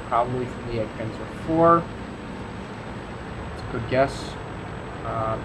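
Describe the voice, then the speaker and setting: A man hosting a gaming video, commenting casually on his match in a relaxed, rambling way with many fillers. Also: mid-range voice, background noise. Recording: voice over loud game sounds. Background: game engines and artillery fire.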